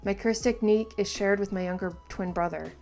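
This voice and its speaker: A woman reading aloud the calm, measured lines of an earnest young alien man, in a voice close to her own. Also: mid-range voice, soft background music, lightly acted.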